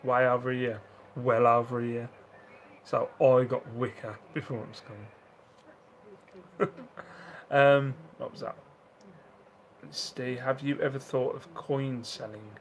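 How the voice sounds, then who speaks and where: A man's voice: medium pitch, steady tone, measured pace, long pauses, a little hiss or hum, low-quality recording. A man chatting casually on a live stream at home, reading out viewer comments, laughing often and acting out the voices of people in his stories. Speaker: live-stream host reselling second-hand goods.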